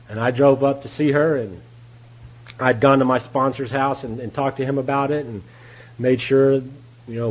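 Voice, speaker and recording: A man with a drawl talks to a recovery meeting in a folksy, candid way. His voice sits at an ordinary middle pitch, and he tells his story plainly, laughing now and then. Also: darkish tone, poor audio. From Texas. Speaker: AA meeting speaker. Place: meeting room.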